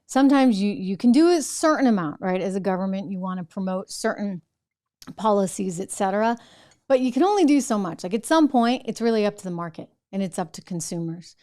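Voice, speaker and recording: A woman's voice: medium pitch, animated, a little fast, dark tone. A middle-aged woman hosting a political commentary show, talking in a sarcastic, mocking way.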